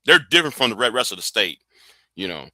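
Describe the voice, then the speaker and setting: A man's voice: fairly low pitch, big pitch swings, fast talker, pushed and bright, no echo. A middle-aged man, hosting a casual political livestream and rambling through stammers and restarts. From Texas. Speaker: livestream host.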